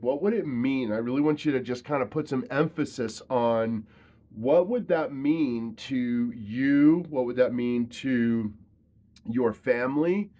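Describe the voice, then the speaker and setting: A man's voice: mid-range voice, darkish tone. A man giving a motivational talk as a trainer, emphatic and repetitive, with casual slang.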